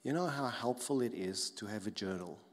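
A man, a pastor preaching a sermon in an animated, conversational way, often tagging questions onto his points. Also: fairly low pitch, fairly quick. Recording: long hall reverb.

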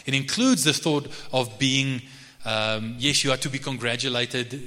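A male pastor preaching a sermon in a conversational way, with frequent restarts, and reading scripture slowly. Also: medium pitch, bright, forceful tone. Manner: slow measured reading of scripture. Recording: reverberant hall.

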